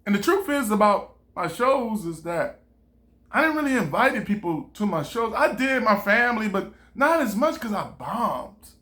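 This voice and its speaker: A male comedian speaking straight to the listener in a loose, casual monologue. His delivery is animated and broken up with laughter, and he slips into different voices whenever he quotes someone. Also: high voice, moderate pace. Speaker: stand-up comedian.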